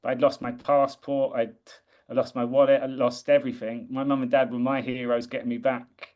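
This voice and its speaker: A man's voice: mid-range voice, level tone, a little fast, lo-fi sound. A man from the UK talking earnestly and reflectively in a casual conversation, often restarting his sentences. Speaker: guest.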